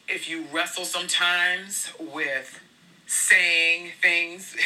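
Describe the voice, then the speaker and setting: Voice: medium pitch, sharp tone. A speaker giving a devotional talk to a campus fellowship, telling personal testimony stories in an earnest, conversational way. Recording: voice a bit far from the mic.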